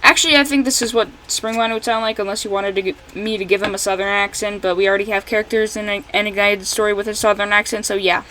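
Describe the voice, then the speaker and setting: A woman giving casual, rambling commentary while playing a fan game she made, correcting herself often and breaking into excited outbursts at the characters. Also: medium pitch, a little fast, rough recording. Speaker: fan game creator playing her own game.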